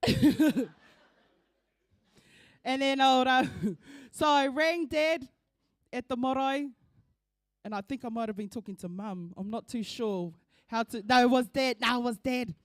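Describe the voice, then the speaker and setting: A woman's voice: sits high, unhurried, long pauses, no echo, clean studio sound. A middle-aged woman with a New Zealand accent gives an emotional eulogy in a church. She tells family stories and mixes Māori words into her talk. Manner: warm, laughing through tears, mixes in Māori words. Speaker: eulogy speaker, daughter of the deceased. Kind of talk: emotional storytelling at a funeral service.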